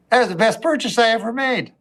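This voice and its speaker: A man doing a rambling, wry stand-up routine, swinging between low mutters and a raised voice. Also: fairly bright tone. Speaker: stand-up comedian.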